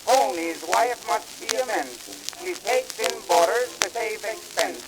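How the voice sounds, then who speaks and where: A man singing as a boastful Italian immigrant in a put-on mock Italian accent, with rapid broken-English patter in a 1920s comic novelty song. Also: sits high, rough recording. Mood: comic boasting.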